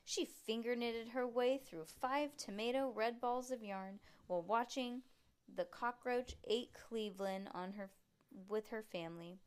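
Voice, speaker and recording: Brief: woman narrator, a bit high, lively read-aloud of a kids' story at home, does the characters. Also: measured pace, clean tone. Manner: lively, voices the characters, chats and laughs between passages. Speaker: reader. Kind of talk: reading a children's book aloud.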